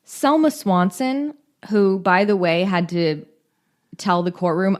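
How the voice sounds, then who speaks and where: On a true-crime podcast, a female co-host reads case notes slowly in a mid-range, animated voice. Her storytelling is casual, and she drops in cheeky jokes and profanity as she goes.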